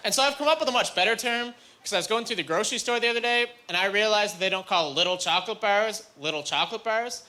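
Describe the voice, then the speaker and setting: High-pitched and fast, with few pauses, a Canadian comic works a club stage, meandering through his stories. He mimics the voices of the people he quotes. Audience laughter and loud crowd noise run through the live recording.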